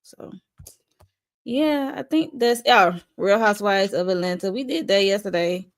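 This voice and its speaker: A woman's voice: medium pitch, expressive, a little slow, no room sound. Guest reviewer: a woman who rambles through her plans with many ums, recorded dry and close. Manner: rambling, many ums, playful trash talk. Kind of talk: casual live-stream chat.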